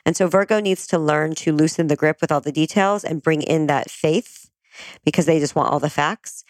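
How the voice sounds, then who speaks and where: A woman explaining astrology in a calm, conversational way, often agreeing with her guest. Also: low voice, moderate pace, no echo.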